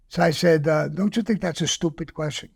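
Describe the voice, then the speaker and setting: An older man, a guest telling a story casually, profane and animated, acting out the quoted voices. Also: fairly high pitch, gravelly, breathy edge.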